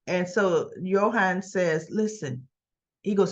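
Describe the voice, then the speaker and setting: A woman casually recapping a soap opera episode, acting out the characters' lines in quick quoted bits and laughing often. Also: mid-range voice, expressive, highs cut off.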